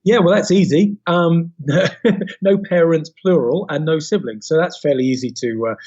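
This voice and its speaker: London guy on a podcast, bit high voice, chatty storyteller, kinda muffled lo-fi sound. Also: moderate pace. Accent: London English. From England. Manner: animated storyteller, frequent fillers and restarts. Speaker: podcast guest. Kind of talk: casual interview chat.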